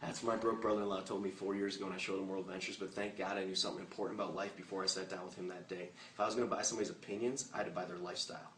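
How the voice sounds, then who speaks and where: Fast-talking man pitching to a room. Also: flat delivery, fairly bright tone. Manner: punchy, joking, fired-up delivery. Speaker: network marketing presenter. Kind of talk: motivational recruiting talk. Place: meeting room with a live audience. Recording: echoey room, distant mic, faint hiss.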